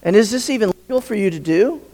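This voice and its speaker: A man's voice: high voice, expressive, quick pace, warm tone, pitched above the performer's own voice. A man voicing an earnest apostle insisting on his rights as a citizen, in a reverberant hall. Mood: insistent. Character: bold adult male apostle pleading his rights.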